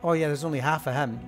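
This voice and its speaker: A man hosting a let's-play, talking casually and thinking aloud as he works through clues. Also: medium pitch. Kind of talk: casual game commentary. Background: game music.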